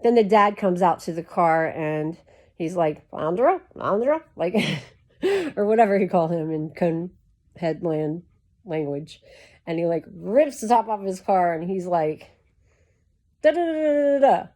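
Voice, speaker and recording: A woman's voice: on the low side, measured pace, a little mellow. A woman chatting to camera in a rambling, casual way full of "like" fillers, talking while lying down. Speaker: YouTube creator.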